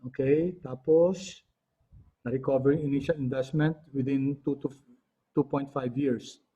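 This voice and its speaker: A Filipino-accented man teaches an online class in a halting way, full of fillers and the odd cleared throat. His voice is mellow and a little husky. The audio is dull and lo-fi. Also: medium pitch, fairly even intonation.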